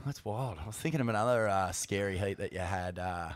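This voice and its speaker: A man's voice: low voice, fairly quick, dry recording. A man hosting a podcast, chatting casually, swearing freely and laughing through his stories. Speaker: podcast host. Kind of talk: casual chat.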